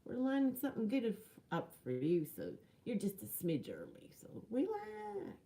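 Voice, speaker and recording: The universe speaking as a cheery, soothing friend, as a woman puts it on. It talks playfully and reassuringly in a lifted, bright voice, far above a low, mellow everyday tone. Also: huge pitch swings, moderate pace, gravelly, exaggerated voice.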